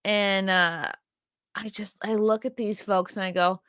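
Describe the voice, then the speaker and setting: A woman's voice: medium pitch, steady tone, measured pace, a bit bright, clear, resonant tone, dry recording, studio quality. A woman hosting her own show, giving blunt, profane and rambling commentary on video clips with a sarcastic edge. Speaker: host.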